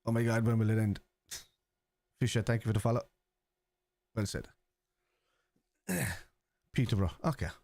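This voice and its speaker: A man's voice: fairly low pitch, normal speed, creaky, pauses often, a little mellow, no echo. A man with a Scouse accent, hosting a football watchalong live stream, reading viewers' chat aloud and answering it in a casual, chatty way.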